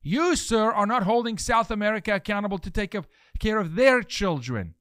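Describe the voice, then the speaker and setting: Fervent high-voiced man. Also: very animated, a little fast, fairly bright tone, dry recording, studio quality. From South Africa. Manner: fervent, preachy, full of rhetorical questions. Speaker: podcast host. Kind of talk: impassioned commentary with scripture reading.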